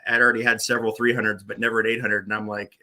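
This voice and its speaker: Guy in his 40s, podcast guest, sharp bright voice, rambly storyteller w lots of uhs. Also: on the low side, level tone, very fast. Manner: rambling, many restarts and "uh" fillers. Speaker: podcast guest, former bowling tournament director. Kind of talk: casual storytelling interview.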